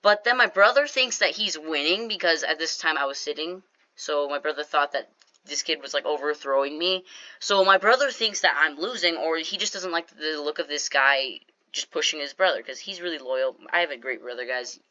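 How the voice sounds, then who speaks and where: Bright-voiced storyteller with jokey asides. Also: mid-range voice, lo-fi sound. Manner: animated, jokey, quick asides to viewers. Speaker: storytime YouTuber. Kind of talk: casual storytime over gameplay.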